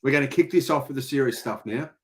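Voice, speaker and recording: A man's voice: mid-range voice, fast talker, fairly bright tone. An Australian man hosting a casual live-stream chat, teasing and bantering with his guest. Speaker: host.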